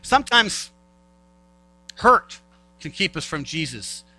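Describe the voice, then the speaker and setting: A man's voice: on the high side, very animated, takes it slowly, bright, forceful tone, no echo, low-quality recording. A male pastor giving a conversational sermon. He repeats key phrases and acts out the voices of doubters.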